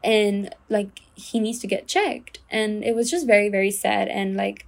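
A woman's voice: medium pitch, steady tone, measured pace, creaky. A young woman from Singapore with a Singaporean English accent, hosting a casual solo podcast and telling a story earnestly, with lots of fillers. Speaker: podcast host.

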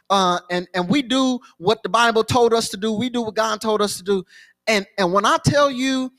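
High-voiced preacher telling a story. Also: male voice, fairly bright tone. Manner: storytelling with repeated phrases and restarts. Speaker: pastor. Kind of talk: sermon.

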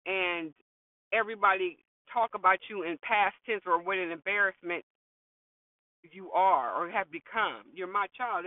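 A woman delivers blunt, opinionated commentary full of cussing and emphatic scolding. Her voice comes through a thin, phone-like line with a dry sound and no room echo. She talks straight to the people she is criticizing. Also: medium pitch.

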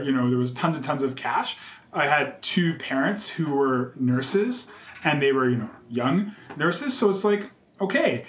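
Animated storytelling man, roomy echo. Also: a little high. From Canada. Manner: animated, many fillers, acts out quotes in a raised voice. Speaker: interview guest, conductor. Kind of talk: casual conversational storytelling.

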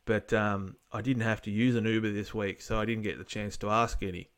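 A man's voice: on the low side, steady tone, a little fast, fairly bright tone, smooth. An Australian man co-hosting a podcast, rambling bluntly in casual chat and swearing now and then. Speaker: podcast co-host.

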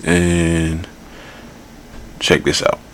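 A man's voice: deep voice, flat delivery, very slow, a bit bright, slight background noise. A man hosting a podcast, giving blunt, rambling political commentary and repeating his points. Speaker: podcast host.

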